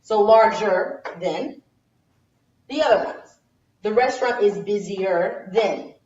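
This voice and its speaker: A woman teaching an English grammar lesson in a classroom, lively and stressing example words slowly. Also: medium pitch, reverberant, muffled recording. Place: classroom, moving between boards.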